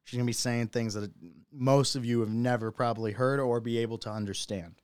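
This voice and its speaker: An excitable man hosting a live-stream podcast, talking casually and laughing often. His voice is smooth and resonant, recorded close and dry. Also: medium pitch, brisk, no echo. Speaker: podcast host. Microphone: phone or computer mic on a live stream.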